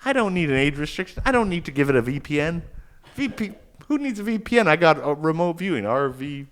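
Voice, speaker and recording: A man's voice: on the high side, big pitch swings, fast talker, a bit bright. A man co-hosting a podcast in casual chat, rambling and making crude jokes. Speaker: podcast co-host.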